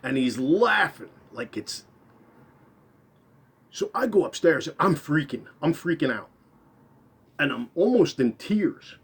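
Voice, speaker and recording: A man telling a first-person story, rambling, repeating and correcting himself, his voice trailing off quietly at the end of phrases. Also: a little high, very animated, slow pace, long pauses, husky.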